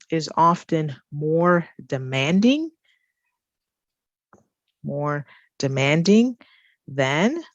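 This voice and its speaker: Woman ESL teacher, unhurried and careful, repeats phrases, dry recording. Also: low-pitched, creaky, no echo, lo-fi sound. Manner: repeats key phrases slowly for learners. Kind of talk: slow, careful teaching explanation.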